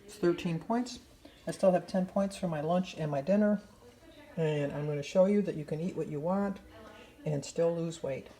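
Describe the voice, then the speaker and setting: A woman's voice: fairly low pitch, normal speed, dark tone, rough recording. A woman chatting casually in a diary vlog at home, rambling and chatty with plenty of fillers. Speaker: vlogger.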